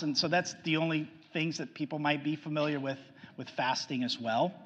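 Guy preaching, kinda high voice, lots of repeating and restarts, goes loud then real quiet, long echo, muffled sound. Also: fairly even intonation, normal speed. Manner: earnest, repetitive, frequent restarts, swings between loud emphasis and hushed lows. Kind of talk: sermon.

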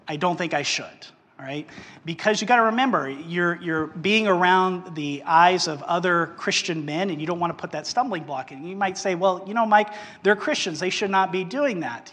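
Male pastor, informal sermon delivery, light upper-middle pitch, long hall reverb. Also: fairly bright tone. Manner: conversational preaching with frequent "okay?" and "uh" fillers.

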